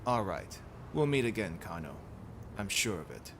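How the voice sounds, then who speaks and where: A man voicing a stern, reserved American agent who talks in a low mutter. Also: very animated, moderate pace, gravelly, slight background noise, exaggerated voice. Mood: grave. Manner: quiet, low muttering delivery.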